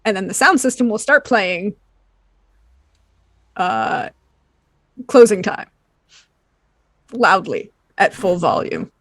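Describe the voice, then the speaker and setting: A tabletop game player eagerly lays out her character's actions at a middle pitch. The voice is recorded close and dry, with no room sound around it. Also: very animated, slow pace, long pauses, no echo. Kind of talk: tabletop role-play chat.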